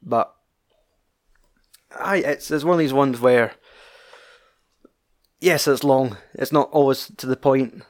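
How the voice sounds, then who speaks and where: A man's voice: medium pitch, slow pace, pauses often. Chatty Scottish man rambling about films. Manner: rambling, swears freely, many fillers. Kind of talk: casual film chat.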